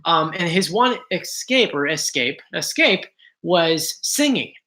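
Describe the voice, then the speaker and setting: A man's voice: fairly high pitch, expressive, takes it slowly, pushed and bright. A man hosting a casual livestream, chatting to viewers with frequent restarts and apologetic asides. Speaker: host.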